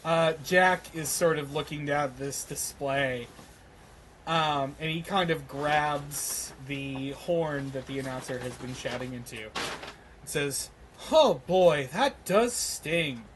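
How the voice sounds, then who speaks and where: A man narrating as game master of a tabletop game, slow and hesitant with many pauses and ums. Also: medium pitch, steady tone, fairly bright tone, slight background noise, rough recording.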